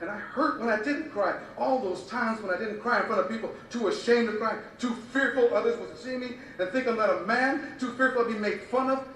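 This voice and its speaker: A man's voice: very high voice, brisk, few pauses, fairly bright tone, distant mic, slight background noise. A man performing a spoken-word poem with an impassioned, rhythmic, repetitive cadence. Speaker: poet. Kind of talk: spoken-word poetry recitation. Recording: very echoey room, voice from afar.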